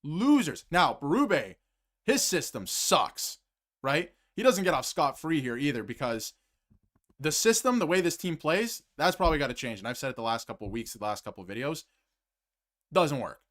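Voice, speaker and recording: Fired-up man ranting with lively pitch. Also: moderate pace. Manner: heated and emphatic, repeats phrases, swings between loud outbursts and muttered asides. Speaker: sports commentary host. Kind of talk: fired-up solo hockey rant to camera, reading super chats.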